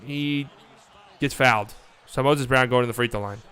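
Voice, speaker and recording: Smooth-voiced man calling a game casually. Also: mid-range voice, normal speed. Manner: swings between calm calls and excited outbursts, swears casually. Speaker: watch party host. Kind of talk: casual live play-by-play commentary.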